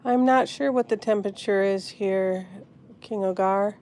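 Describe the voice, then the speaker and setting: A woman hosting a live stream from her phone, talking softly and sadly to viewers in the chat. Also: medium pitch, a little slow. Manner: soft, grieving, answering chat comments. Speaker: pet channel host.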